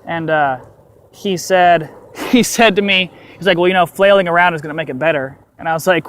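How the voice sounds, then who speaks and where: Young adult man vlogger, casual and candid, slightly high voice, storytelling on a walk. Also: brisk. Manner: candid, animated, swears casually.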